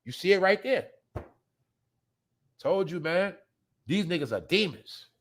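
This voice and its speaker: A man hosting a show, ranting bluntly and profanely at his viewers, swinging between loud outbursts and low mutters. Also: very animated, unhurried. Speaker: podcast host. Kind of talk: casual profane commentary.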